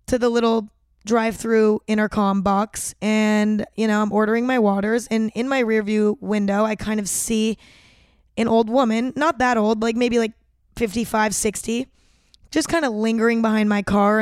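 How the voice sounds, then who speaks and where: A woman's voice: on the high side, fairly even intonation, normal speed, clean tone, no room sound, studio quality. A young woman telling stories in a casual vlog, chatty and full of "like", swearing freely. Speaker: vlogger. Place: Los Angeles.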